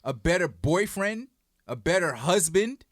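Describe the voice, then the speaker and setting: A young man hosts a casual podcast, teasing and joking in slangy talk. His voice sits a little high for a man. The recording is dry and close. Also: lively intonation, a little slow, no echo. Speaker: podcast host.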